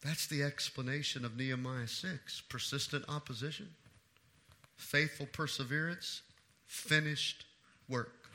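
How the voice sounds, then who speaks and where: A married man preaching an evening sermon, pressing his points by repeating them and swinging from hushed to loud. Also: medium pitch, fairly even intonation, a little slow. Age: adult. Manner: emphatic preaching with repeated phrases. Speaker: pastor.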